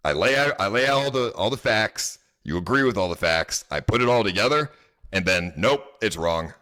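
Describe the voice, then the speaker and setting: A man's voice: fairly low pitch, expressive, moderate pace, sharp tone. A man telling a personal story in a casual, rambling way, frustrated and full of filler words.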